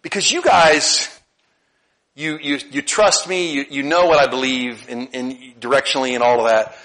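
A middle-aged male pastor preaching a conversational sermon, often repeating words and rising into animated bursts. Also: mid-range voice, normal speed, rough recording.

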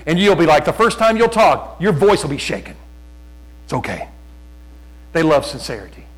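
A middle-aged male pastor preaching a fervent sermon, often loud, repeating words as he builds. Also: mid-range voice, poor audio.

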